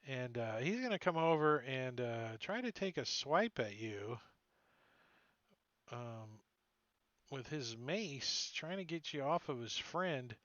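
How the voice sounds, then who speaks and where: A man's voice: mid-range voice, animated, slow pace, fairly bright tone, dry recording. A man running a tabletop game as dungeon master, narrating casually with filler words and frequent laughs, over dull lo-fi stream audio.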